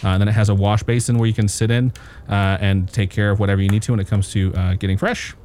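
Low-voiced man narrating as game master. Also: quick pace, slight background noise. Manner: relaxed, descriptive, many "uh" fillers.

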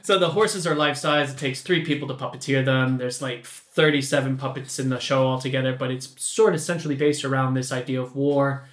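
A man's voice: medium pitch, fairly even intonation, a little fast, fairly bright tone. A Canadian man in his thirties, a podcast guest chatting casually and laughing often as he tells a story. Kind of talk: casual chat.

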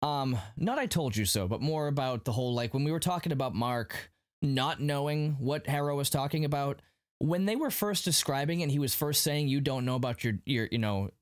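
A man's voice: medium pitch, brisk, dry recording, clean studio sound. A man hosting a casual podcast chat, animatedly retelling a TV episode and paraphrasing the characters' lines. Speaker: podcast host recapping a TV episode.

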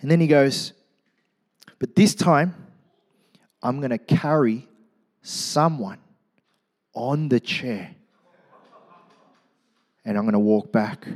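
A man preaching a sermon, telling a story with lively, acted-out crowd voices and casual asides. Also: mid-range voice, slow, pauses often. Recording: long hall reverb.

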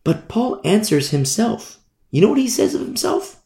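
In an echoey room, a pastor with a high, very animated, slightly mellow voice and some vocal fry preaches at normal speed. His expository Bible teaching goes verse by verse, with repeated phrases and rhetorical questions.

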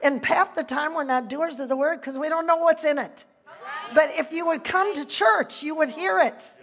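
A woman's voice: high-pitched, normal speed, crowd noise. A woman giving an informal, chatty sermon, laughing often and losing her place in the text, leaning hard on key words. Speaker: preacher.

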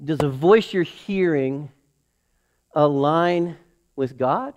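Male pastor, middle-aged, unhurried sermon delivery, pitch on the high side, emphatic and dramatic. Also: animated, darkish tone. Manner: preaching with emphatic rises, drops to low acted inner voices.

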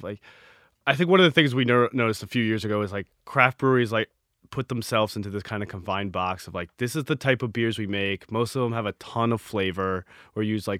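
Smooth low-voiced man, close and dry. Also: no room sound. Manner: easygoing, animated when telling stories. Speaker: brewery co-founder. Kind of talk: casual podcast conversation.

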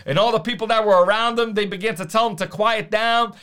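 A man preaching a sermon, emphatic, slowing down to repeat key lines. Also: sits high, fairly even intonation, fairly bright tone, clean tone.

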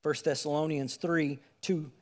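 A man's voice: on the high side, steady tone, a little slow, in a large hall. A man preaching a sermon, reading scripture and explaining it in an earnest, emphatic way, asking the listeners direct questions.

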